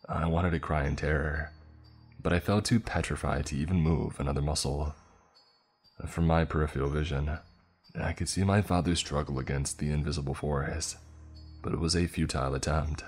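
Very deep-voiced man narrating horror. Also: steady tone, normal speed, breathy edge, soft background music. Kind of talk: scripted horror story narration.

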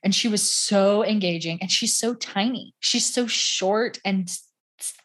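A woman in casual podcast chat, telling stories in a chatty, animated way with many fillers. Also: mid-range voice, measured pace.

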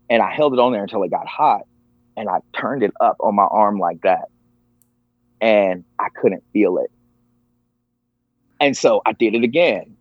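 A man's voice: fairly low pitch, dry recording. A man sharing a personal story as a podcast guest, earnest and emotional. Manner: earnest, emotional, acts out quoted voices. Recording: dull lo-fi, dry.

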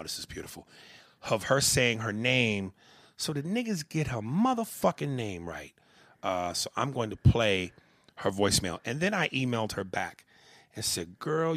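A man's voice: lowish voice, moderate pace, no echo, clean studio sound. A man hosting a comedy podcast, talking casually with profane jokes. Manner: profane, animated, joking. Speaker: podcast host.

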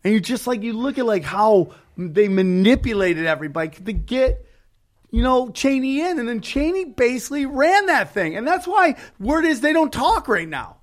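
Man, high voice, animated, joking, casual podcast host. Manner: animated, joking, quick asides. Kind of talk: casual chat.

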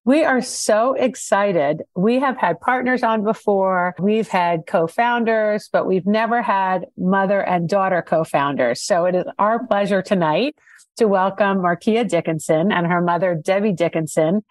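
A woman co-hosts a podcast and introduces the guests with enthusiasm. Her voice is mid-pitched and close, with a dry sound. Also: unhurried, dry recording. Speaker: podcast co-host.

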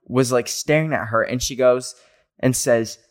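A man's voice: medium pitch, unhurried. A young man hosting a podcast from home, reading listener stories in a rambling, joking chat full of "like" fillers. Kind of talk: casual chat. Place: home, near a garage.

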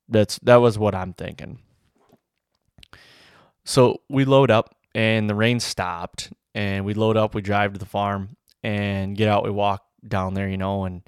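Low-voiced man telling a hunting story. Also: clear, resonant tone, no echo, clean studio sound. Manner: rambling, excited, full of "like" and "you know". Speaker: bowhunter. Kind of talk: casual storytelling to camera.

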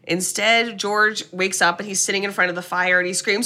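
Bright-voiced woman retelling a film. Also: mid-range voice, moderate pace. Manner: lively retelling, acts out quoted lines, swears casually. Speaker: podcast co-host recapping a film. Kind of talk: casual chat.

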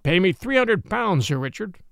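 A grasping churchman full of scorn, voiced by a man reading aloud, who snaps sharp, sneering words. The voice is high and lively with gravel in it, captured dry and close. The whole thing sounds like an old-style tale told aloud. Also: normal speed, dry recording, heavily acted.

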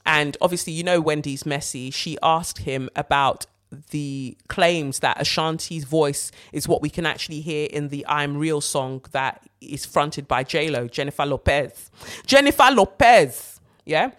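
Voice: mid-range voice, steady tone, measured pace, fairly bright tone. A host giving blunt, sarcastic, profane celebrity gossip commentary in a ranting style.

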